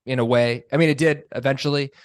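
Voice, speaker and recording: A man with a mid-pitched voice co-hosts a casual sports podcast. He talks in halting bits, trailing off and chiming in briefly. The recording is dry and close. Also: fairly even intonation, clear, resonant tone, no room sound. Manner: hesitant, filler-heavy, laughs along. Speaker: podcast co-host.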